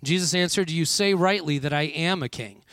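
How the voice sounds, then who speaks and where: Pastor preaching, dry close mic. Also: male voice, a little high, moderate pace, a bit bright, smooth, dry recording. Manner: call-and-response with the congregation, frequent "all right". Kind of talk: sermon.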